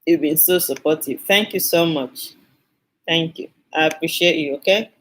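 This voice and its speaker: A woman's voice: low voice, moderate pace, a bit bright, poor audio. A woman hosting a skincare live stream, chatting with viewers and thanking them effusively, often repeating her phrases. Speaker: skincare channel host.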